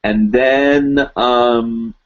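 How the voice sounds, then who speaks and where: A man's voice: medium pitch, fairly even intonation, drawn-out words, dull audio. A man in his forties from the United States, hosting a live stream in a casual, rambling way with lots of fillers.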